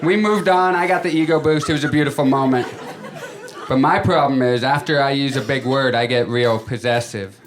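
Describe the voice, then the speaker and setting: Stand-up comic over a laughing crowd. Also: male voice, mid-range voice. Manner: conversational storytelling, acts out his friends in quick voices. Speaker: stand-up comedian. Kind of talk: stand-up comedy set. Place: comedy club stage before a live audience. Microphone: handheld stage mic. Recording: live club recording with loud crowd laughter.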